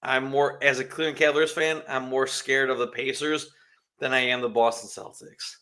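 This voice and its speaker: Pushed and bright, his medium-pitched voice stays flat at a moderate pace as he co-hosts a casual sports podcast. He tends to ramble, tripping over names and restarting what he's saying.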